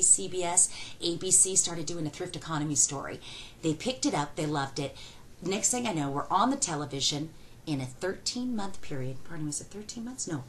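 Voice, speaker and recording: A middle-aged woman auctioneer answering fan questions in a fast, folksy and excitable way. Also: sits low, a little hiss or hum, rough recording.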